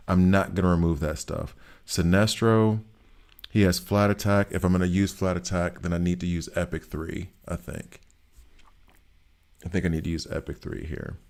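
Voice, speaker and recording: A man's voice: deep voice, a little mellow. A man streaming a video game, chatting casually and joking as he plays, rambling and often laughing. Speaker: gaming streamer. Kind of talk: casual gameplay commentary.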